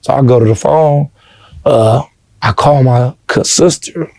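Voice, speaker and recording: Earnest man telling his story, mellow voice. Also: medium pitch, a little slow, gravelly, dry recording. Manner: peppers speech with "you know what I'm saying"; earnest, heartfelt. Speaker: interview guest. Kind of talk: casual personal storytelling.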